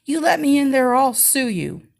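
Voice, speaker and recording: A woman reading a story and voicing a frantic adult woman friend who shouts and threatens to get into a hospital. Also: high-pitched, slow, pitched above the performer's own voice. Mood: furious.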